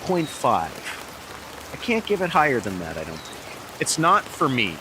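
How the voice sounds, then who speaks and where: This middle-aged man reviews a beer on his vlog, rambling casually outside in a heavy downpour and restarting hesitantly. He has a mid-range voice with huge pitch swings and a moderate pace. Recorded on a small camera mic, the clip is filled with loud rain and background noise.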